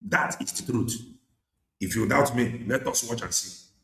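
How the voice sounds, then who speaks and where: In an echoey room with faint noise, a man with a Nigerian Igbo accent preaches an impassioned political sermon, forcefully exhorting and switching between English and Igbo. His medium-pitched voice is lively and a little slow, with vocal fry.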